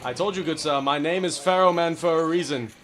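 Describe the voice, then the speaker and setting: A man from California voicing an overly polite, old-fashioned male gentleman duelist, formal and courtly in game voice chat. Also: on the high side, brisk, a little hiss or hum, voice pushed up, close to an everyday voice. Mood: courtly, boisterous. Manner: formal, courtly, keeps saying good sir. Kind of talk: in-game voice chat role-play.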